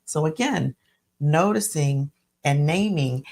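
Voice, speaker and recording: Woman host, low-pitched and a bit gravelly, reflective and self-correcting, live solo talk. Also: big pitch swings, a little slow. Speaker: coach and podcast host.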